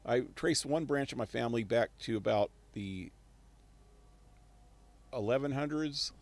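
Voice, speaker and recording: A man live-streaming a video game, rambling and thinking aloud with chuckles. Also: mid-range voice. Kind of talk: live gameplay commentary.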